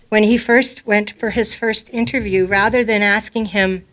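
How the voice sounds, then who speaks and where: Speaking off the cuff at a memorial in a community centre hall, a middle-aged mother mourns her child. Her voice is mid-range with a fairly bright tone, and the eulogy wanders in a casual, sincere manner.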